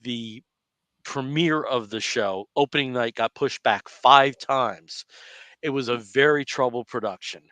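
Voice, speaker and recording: A man's voice: mid-range voice, a little slow, pushed and bright, no echo. A man co-hosting a comics podcast in a casual chat, steering the talk along. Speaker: podcast co-host.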